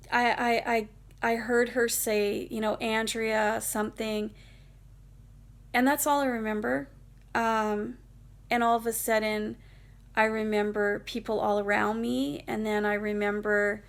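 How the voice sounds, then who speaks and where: Rambling woman with gravelly creak. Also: medium pitch. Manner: rambling, lots of fillers like "like" and "you know". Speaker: vlogger telling a personal story. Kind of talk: casual storytime monologue.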